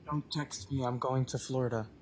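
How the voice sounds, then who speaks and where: Young male defendant, flat and terse, faint room noise. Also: medium pitch, normal speed. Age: young adult. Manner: terse, subdued short answers. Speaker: defendant testifying. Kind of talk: witness testimony. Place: courtroom.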